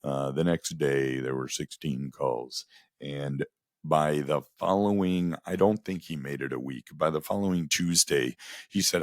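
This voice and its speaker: A man telling casual stories about running a radio station, acting out the dialogue with lively energy. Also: rumbling low, normal speed, no echo, studio quality. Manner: animated, acts out quoted dialogue. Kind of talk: casual storytelling monologue.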